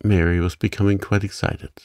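A man gently narrating a sleep story for adults in a calm, unhurried reading. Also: low-pitched, clear, resonant tone, no room sound, clean studio sound.

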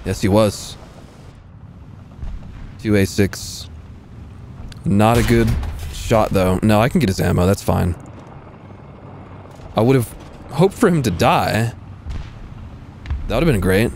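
A man giving live gameplay commentary as a streamer, excitable, swearing freely and mocking himself. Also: fairly low pitch, slow pace, vocal fry, pauses often, slight background noise. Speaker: gaming streamer.

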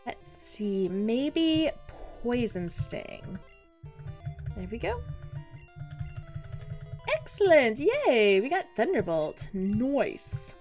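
A woman's voice: fairly high pitch, big pitch swings, very slow, pauses often, darkish tone, faint music behind. A woman hosting a gaming channel, giving chatty, playful commentary on her own play and exclaiming often. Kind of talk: casual game commentary.

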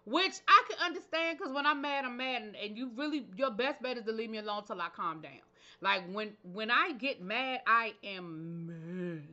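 A woman's voice: fairly high pitch, expressive, a little fast, sharp tone, lo-fi sound. Chatty opinionated woman recapping TV. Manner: chatty and opinionated, slangy asides. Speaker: TV show reviewer, channel host. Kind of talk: casual episode recap and commentary.

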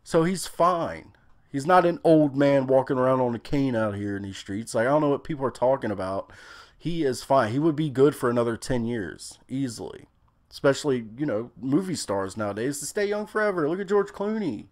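A man's voice: medium pitch, animated, a little fast, darkish tone. Young male reviewer, chatty and opinionated, rambles with ums. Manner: rambling, opinionated, with frequent fillers. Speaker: movie reviewer. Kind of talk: casual movie review chat.

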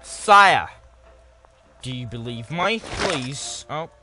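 A young man giving goofy, excitable let's-play commentary while he plays a game. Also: mid-range voice, slow pace. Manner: goofy, excitable, puts on silly voices. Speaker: gaming YouTuber. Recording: loud game music underneath.

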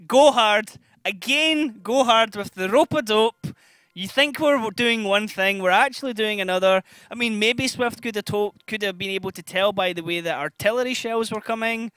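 Male play-by-play caster: very high, bright voice, quick and excitable. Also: clean tone, no echo. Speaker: esports caster. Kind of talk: live play-by-play commentary.

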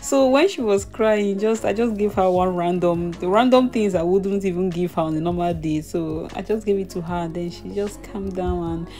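A woman's voice: on the low side, moderate pace, few pauses, warm tone, soft background music. Chatty young mother narrating a vlog. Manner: chatty, with frequent small laughs. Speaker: mother vlogging her baby's ear piercing. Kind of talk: casual voice-over narration.

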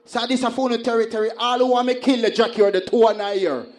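A Jamaican man working as a sound system selector, hyping and calming the crowd in patois during a live sound clash. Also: very high-pitched, fast, a little hiss or hum. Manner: shouting at the crowd in patois, hoarse hype. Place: live outdoor dance event.

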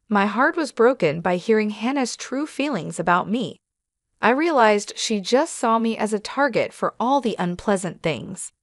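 A woman tells a first-person story in scripted narration, keeping a steady, measured pace. Her pitch sits in a middle range. The recording is dry and close, with no room sound. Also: dry recording.

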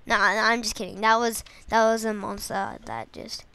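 Excitable high-pitched woman playing a game. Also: moderate pace, clean tone, no room sound. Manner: excitable, goofy, talks to herself. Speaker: gamer. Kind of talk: let's play commentary.

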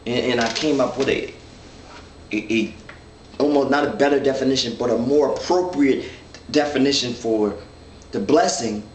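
A man's voice: medium pitch, moderate pace, pauses often, a little hiss or hum. A man leading a men's Bible study, reading scripture and explaining it in an earnest, thinking-aloud way with many restarts. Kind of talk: informal Bible teaching. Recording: echoey room, mic at a distance, faint ambience.

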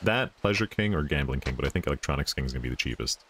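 A man's voice: extremely low pitch, animated, very fast, fairly bright tone, slight background noise. A man co-hosting a casual let's-play, chuckling and laid-back as he reads and comments. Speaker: co-host playing a video game. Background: game music.

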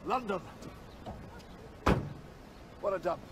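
An excitable Scottish alien wanderer. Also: male voice, sits high, takes it slowly, loud music behind the voice. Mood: playful. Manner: animated, theatrical, jumps between wry and excited. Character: eccentric alien time traveller man, excitable. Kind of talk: TV series acting. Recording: TV clip with score underneath.

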